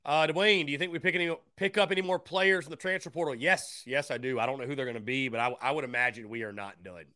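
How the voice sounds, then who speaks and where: A man's voice: medium pitch, fast, hardly any pauses, sharp tone, no room sound, clean studio sound. Upbeat male sports talk host. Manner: upbeat, repeats phrases for emphasis. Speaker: sports radio show host.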